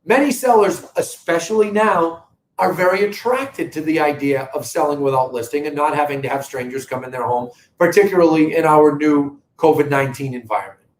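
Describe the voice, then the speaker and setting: A man's voice: fairly high pitch, fairly quick, reverberant, slight background noise, poor audio. A middle-aged man with a Boston accent hosting a live real estate update, talking to viewers in an earnest, emphatic sales manner. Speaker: real estate company host. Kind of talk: live video market update.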